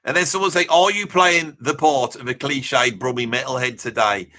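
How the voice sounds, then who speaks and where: Voicing a brash, mouthy metalhead bloke with a Birmingham accent, a livestream host keeps his mid-range voice natural, bright, and forceful at a moderate pace. In a blustery mood, he rambles through the live reaction stream, swearing casually and laughing at his own humor.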